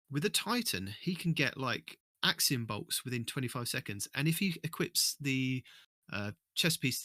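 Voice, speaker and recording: Bright-voiced man, dry close sound. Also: medium pitch, no echo. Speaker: podcast co-host. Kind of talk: casual gaming podcast chat.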